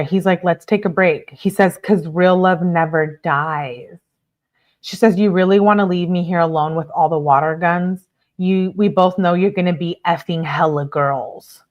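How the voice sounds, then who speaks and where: Low-voiced woman reading texts aloud. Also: fairly even intonation, unhurried. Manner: emphatic, censors swear words. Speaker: true crime commentator. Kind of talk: reading text messages aloud with commentary.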